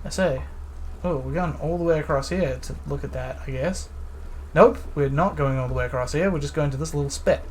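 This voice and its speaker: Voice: mid-range voice, fairly quick, slight background noise. A chatty streamer talks casually through a video game playthrough. They read the on-screen text aloud, laugh often, and slip into goofy voices.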